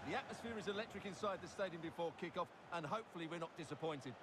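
Fast-talking man giving football analysis. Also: high voice. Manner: measured tactical explanation. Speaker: co-commentator. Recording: clear game noise behind.

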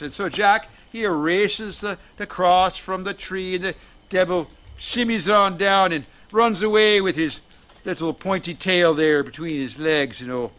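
A man's voice: high voice, a little slow, fairly bright tone. A man telling a folk tale to an audience in a folksy, jokey way, with asides to his listeners. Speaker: storyteller.

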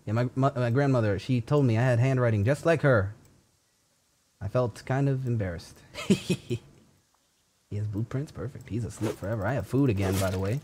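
A man's voice: moderate pace, a little mellow, a little hiss or hum. A young man giving casual commentary while playing a game, laughing often and yelping in panic. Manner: giggly, bursts into high panicked yelps. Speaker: gaming streamer.

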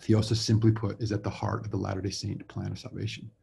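A man's voice: lowish voice, little pitch movement, fast, vocal fry, warm tone, breathy edge. A man from Utah, a religion professor, giving a recorded symposium talk in an easygoing, self-deprecating way, full of fillers and restarts. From Utah, USA. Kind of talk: recorded conference lecture. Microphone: remote talk recording with screen share.

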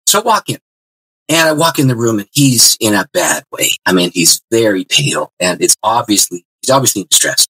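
A man tells a personal story with a lively, sweeping pitch and acts out each part of the dialogue. His voice is bright and a little husky. He speaks as an expressive interview guest. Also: fairly quick, rough recording. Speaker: guest pastor.

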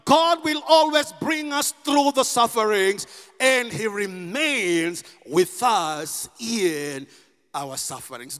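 A man preaching a sermon as pastor, impassioned and rising to shouts. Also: sits high, lively intonation, takes it slowly, big-room sound. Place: church.

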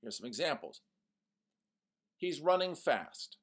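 A man teaching a poetry lesson to young students, animated and mock-ironic, reading example lines in a sing-song voice. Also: mid-range voice, moderate pace.

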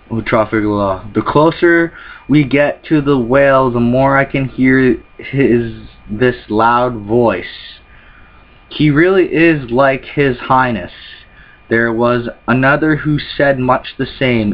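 A man reacting to a manga chapter, reading its dialogue aloud and switching into quick character voices between his own comments. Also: mid-range voice, dull audio. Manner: reads character lines in quick put-on voices between plain remarks.

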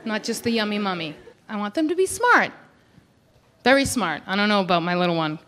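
A woman in her thirties performing a brash, animated stand-up comedy set on a club stage, acting out loud quoted voices. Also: mid-range voice, fairly quick, slight background noise.

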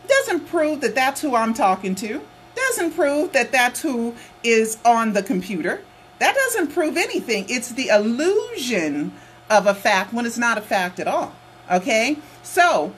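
This is a conspiracy documentary vlogger in casual talk to camera at home, her high voice repeating itself insistently amid frequent "okay"s and "right"s. Slight background noise can be heard.

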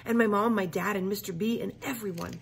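A woman's voice: medium pitch, a little fast, gravelly, background noise, natural voice. Lady reading as a bratty little girl, whiny and pushy, storybook voice. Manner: whiny, insistent. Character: demanding stubborn little girl spy.

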